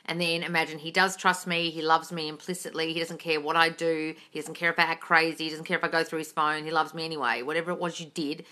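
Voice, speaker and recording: A woman's voice: low voice, level tone, quick pace, few pauses, sharp tone. A woman manifesting coach on a casual live stream, reading chat questions aloud and answering bluntly with a lot of swearing, with a slight British intonation.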